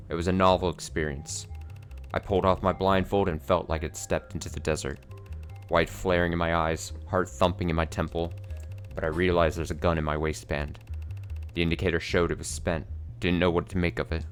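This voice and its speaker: A man voicing a brooding, weary young male defendant in a game, recounting events in a flat, somber way. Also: deep voice, brisk, faint music behind, natural voice.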